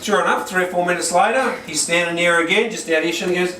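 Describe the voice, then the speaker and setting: Speaking quickly in a high register, this man energetically tells stories in a workshop talk and keeps asking the audience for agreement. He's a corporate trainer, and the recording is distant and roomy, with noise.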